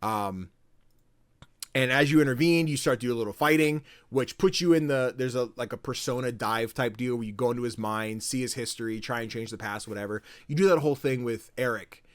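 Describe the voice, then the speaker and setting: A podcast co-host with a mid-range voice tells game stories in casual chat, briskly and animatedly. He acts out quotes and swears freely, and the recording has no room sound.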